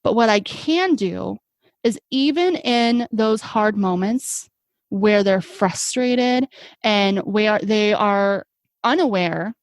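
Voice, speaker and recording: A woman's voice: medium pitch, animated, takes it slowly, dry recording. A young adult woman, an occupational therapist, telling stories in an earnest, reflective way with many fillers. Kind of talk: conversational podcast interview.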